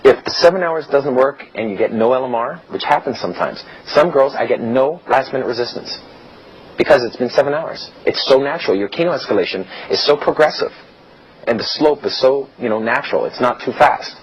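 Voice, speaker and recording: A man's voice: medium pitch, animated, a little fast. A man giving a casual seminar-style lecture as a dating coach, blunt and chatty, often acting out quoted dialogue. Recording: dull lo-fi recording with faint hiss.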